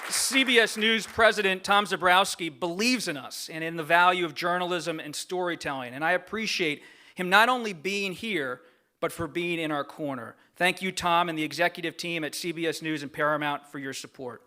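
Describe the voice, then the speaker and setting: An award recipient with a slightly higher-pitched, bright, forceful voice gives a prepared acceptance speech at a gala podium. Earnest and grateful, he reads it in the measured way of a written text, his voice carried by a podium microphone through a large banquet room.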